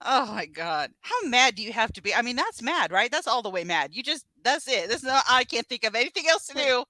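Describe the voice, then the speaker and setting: A woman co-hosting a casual chat show, laughing often and breaking into loud exclamations. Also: a little high, big pitch swings, a little fast, dry recording. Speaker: podcast co-host.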